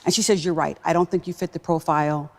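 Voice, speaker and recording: A woman executive telling a personal story in a talk-show interview, emphatic and animated. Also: low voice, quick pace. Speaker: guest, business executive.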